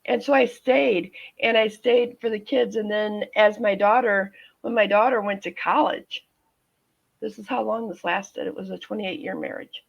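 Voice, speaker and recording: A woman in her fifties, a nurse telling her own story as a guest in an interview, halting with frequent restarts and fillers. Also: mid-range voice, steady tone, creaky. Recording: dull lo-fi audio.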